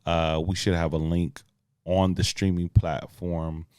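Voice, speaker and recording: A man's voice: low-pitched, flat delivery, measured pace, darkish tone, smooth, no room sound, studio quality. A man co-hosting a podcast in casual chat, laid-back and slangy with a playful edge. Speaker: podcast co-host.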